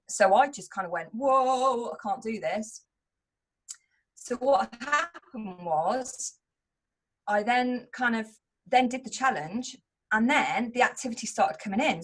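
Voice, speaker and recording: A middle-aged woman who runs a home business and leads a team, speaking openly and earnestly in a candid motivational talk. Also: mid-range voice. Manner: open and earnest, speaking in a confessional tone.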